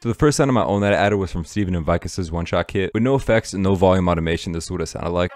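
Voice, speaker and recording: A man with a very low voice talks quickly through a production tutorial, casual and explanatory. Light music plays underneath his voice-over. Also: darkish tone. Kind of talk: screen-recorded production tutorial.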